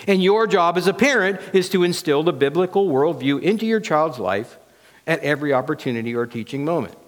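A pastor in a church preaching with earnest emphasis, his voice on the higher side. A long reverb rings behind his words. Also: brisk. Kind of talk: sermon.

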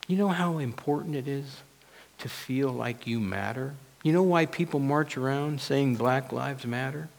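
A man's voice: medium pitch, measured pace, creaky, big-room sound. A male pastor preaching a sermon in a church, earnest and emphatic.

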